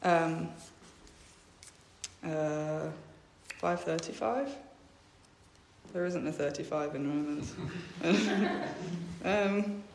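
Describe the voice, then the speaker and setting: A woman's voice: low-pitched, extremely slow, creaky, long pauses, a little hiss or hum. A woman in her twenties gives a personal faith testimony. She speaks hesitantly with many filler sounds and reads Bible verses aloud. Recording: echoey room.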